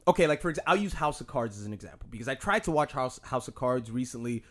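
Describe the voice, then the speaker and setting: A man's voice: medium pitch, lively intonation, fast, fairly bright tone. A man co-hosting a podcast, chatting casually in a rambling, profane way full of fillers and restarts. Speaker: podcast co-host.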